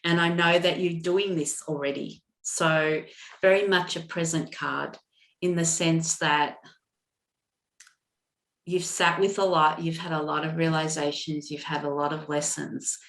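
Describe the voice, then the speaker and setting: A woman doing a live intuitive card reading, with a soft, halting way of talking, full of fillers and restarts, and moved to emotion. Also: low voice, fairly even intonation, reverberant. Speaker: intuitive reader.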